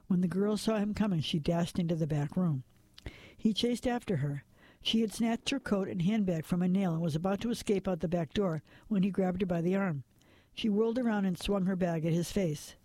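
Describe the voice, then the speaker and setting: High-voiced man narrating a crime story. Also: dark tone, no room sound. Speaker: audiobook narrator. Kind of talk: scripted narration.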